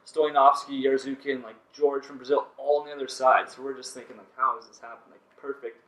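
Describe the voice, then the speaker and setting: A man's voice: medium pitch, little pitch movement, brisk, fairly bright tone, recorded from a distance. A man chats loosely as a podcast guest, leaning on fillers as he tells his stories. He sits a little back from the mic, and the room echoes around him. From Canada. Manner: laid-back, many "like" and "you know" fillers. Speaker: podcast guest, volleyball player. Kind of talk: casual storytelling. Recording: roomy, from off-mic.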